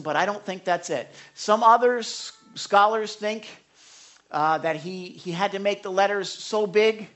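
A man with a fairly high voice preaching a Bible sermon. His delivery is casual and talky, with sudden lively bursts when he acts out what someone might say. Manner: conversational, animated when acting out quotes. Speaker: pastor.

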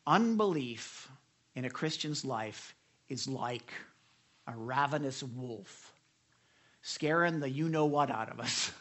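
Bright, animated preacher. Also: medium pitch, takes it slowly. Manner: animated storytelling with frequent repeated starts; speaks directly to listeners with questions. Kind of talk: devotional sermon.

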